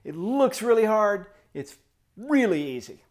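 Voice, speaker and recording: A male snare drum teacher with a voice pitched a little above the usual for a man. He walks students through the music beat by beat, scatting the rhythms and counting them in with an encouraging, coaching manner. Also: sing-song, a little slow, a little mellow. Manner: sings drum rhythms in syllables and counts off tempos. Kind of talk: step-by-step music tutorial.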